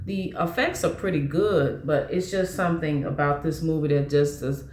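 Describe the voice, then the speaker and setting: Woman, lowish voice, loose rambling vlog chat with lots of restarts, roomy echo. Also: fairly even intonation, moderate pace, darkish tone. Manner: rambling, with frequent restarts and fillers. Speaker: movie vlogger. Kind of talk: casual movie chat.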